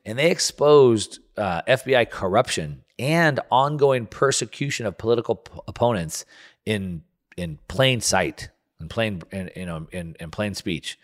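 A man's voice: fairly low pitch, measured pace. Guy hosting a talk show, fired up rant, trips over his words a lot. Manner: heated, restarting and stumbling over words. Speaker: radio show host. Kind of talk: political commentary rant.

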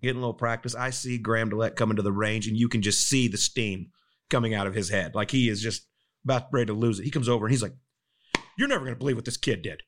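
Fast-talking man telling a prank story. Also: fairly low pitch. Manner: animated storyteller, acts out voices of others. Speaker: pro golfer and podcast co-host. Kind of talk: casual storytelling chat.

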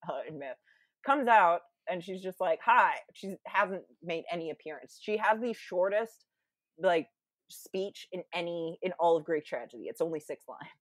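Chatty low-voiced woman, dry close mic. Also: lively intonation, moderate pace, no echo. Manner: chatty, many fillers, acts out quoted lines in playful voices. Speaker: podcast guest. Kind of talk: casual explanatory storytelling.

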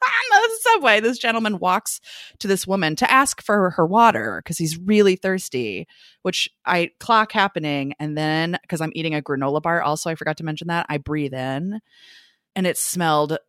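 A woman's voice: on the low side, big pitch swings, moderate pace, a bit bright, no echo, studio quality. A woman co-hosting a podcast, telling a story with candid, frank, laughing talk in casual chat. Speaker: podcast co-host.

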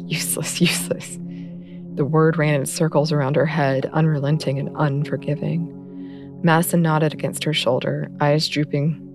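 Female narrator, deep for a woman, calm measured storytelling over background music. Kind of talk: scripted audiobook narration.

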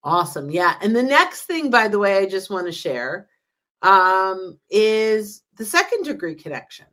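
A LinkedIn sales trainer, appearing as a podcast guest, chats casually and eagerly walks through her method, acting out sample conversations. Her medium-pitched voice is sing-song, bright and forceful, at a measured pace.

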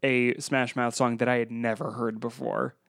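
A man's voice: medium pitch, flat delivery, normal speed, creaky, a bit bright, dry recording, clean studio sound. A man co-hosting a podcast, chatting casually about a movie and slipping into playful impressions of film lines. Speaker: podcast co-host. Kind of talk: casual movie-review chat.

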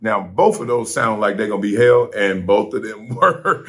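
A middle-aged man hosting a casual vlog, telling a story from his hotel room on vacation. He talks in an animated way, laughing and acting out the voices of the people he quotes. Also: lowish voice, moderate pace. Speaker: host.

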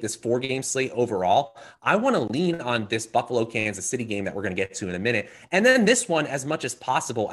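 A man from Virginia co-hosts a fantasy football show, with a voice that swings widely up and down as he argues. His pitch sits in a middle range, and he builds his case with stats and emphatic lists. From Virginia, USA. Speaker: co-host. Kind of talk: fantasy football analysis chat.

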